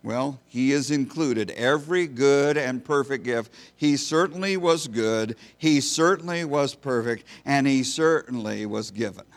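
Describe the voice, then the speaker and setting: A man's voice: mid-range voice, unhurried, hardly any pauses. A man preaching a sermon to a congregation in a folksy, storytelling manner. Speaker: pastor.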